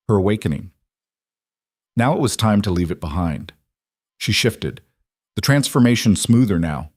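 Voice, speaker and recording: A man with a lowish voice narrates a fantasy audiobook in a steady, measured storytelling manner. The recording is clean studio sound with no echo.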